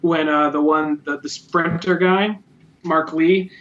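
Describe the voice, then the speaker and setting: A man's voice: on the high side, fairly even intonation, slow, a bit bright, dull audio. A man co-hosting a podcast, rambling casually about a movie with lots of fillers and swearing. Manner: rambling, profane, many fillers. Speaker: podcast co-host.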